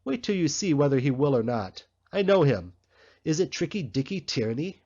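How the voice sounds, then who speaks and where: A man voicing a sardonic male political loafer in a storybook reading, husky and slightly muffled. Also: on the high side, sing-song, normal speed, darkish tone.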